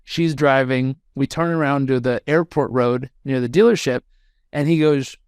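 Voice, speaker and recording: A man in his thirties, a podcast guest telling a story in an animated way and acting out the voices of the people in it. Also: mid-range voice, moderate pace, clean tone, no room sound, studio quality.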